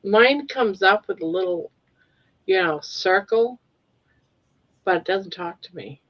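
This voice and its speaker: A woman's voice: mid-range voice, takes it slowly, lo-fi sound. An older woman hosting a casual live stream chat, plaintive and repeating herself. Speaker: host.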